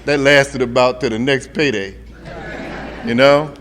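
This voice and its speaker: A man's voice: medium pitch, fairly even intonation, a little slow, a bit bright. A middle-aged man telling his recovery story to an audience, conversational and humorous, talking straight to the crowd. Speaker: speaker sharing a recovery story. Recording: long hall reverb, faint ambient noise.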